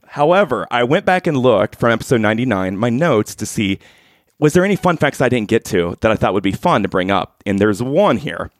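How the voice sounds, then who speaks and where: Joking podcast host with a dry close sound. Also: male voice, mid-range voice, big pitch swings, fairly quick, no room sound. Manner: joking, playful banter. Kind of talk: casual podcast chat.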